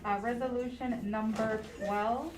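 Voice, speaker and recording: A woman chairing a public school board meeting, briskly reading resolutions and calling the roll for votes. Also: fairly high pitch, fairly even intonation. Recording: echoey meeting room with room noise.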